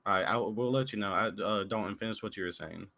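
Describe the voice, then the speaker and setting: A man's voice: lowish voice, brisk, gravelly, pushed and bright. Laid-back young man hosting a chat. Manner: laid-back, swears casually, many fillers. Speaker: podcast host. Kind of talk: casual chat on a call.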